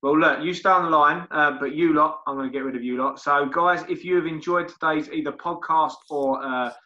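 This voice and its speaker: A man's voice: a little high, a little fast, sharp tone. A man hosting a podcast, chatting casually and filling gaps with ums and uhs. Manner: chatty, friendly sign-off with fillers. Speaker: podcast host. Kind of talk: casual interview chat. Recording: dull lo-fi podcast audio.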